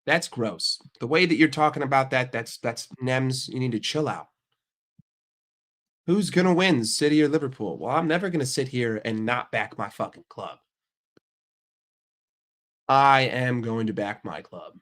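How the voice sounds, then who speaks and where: A man's voice: mid-range voice, lively intonation, measured pace, pauses often, fairly bright tone. An American man chatting casually on a livestream, his voice stuffed up from a cold. He is brash and profane, firing back at chat with mock outrage. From United States. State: sick with a stuffy nose. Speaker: streamer answering chat.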